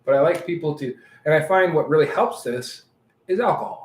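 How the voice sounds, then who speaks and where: A man co-hosting a casual podcast, an animated storyteller who acts out the people he quotes. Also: fairly high pitch, a little fast. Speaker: podcast co-host. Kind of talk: casual chat. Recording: echoey room with faint ambience.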